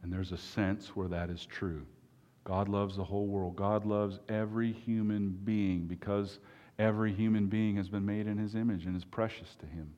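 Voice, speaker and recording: Guy preaching a sermon, kinda low voice, lots of pauses, echoey hall. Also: steady tone, dark tone, muffled recording. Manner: earnest, emphatic, with long pauses.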